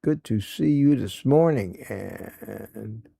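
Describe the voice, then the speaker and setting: A man's voice: fairly low pitch, expressive, slow, gravelly, warm tone, husky, dry recording. A male live stream host chatting casually, greeting viewers by name and reading their comments aloud in a folksy, affectionate way. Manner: folksy and affectionate, laughs often.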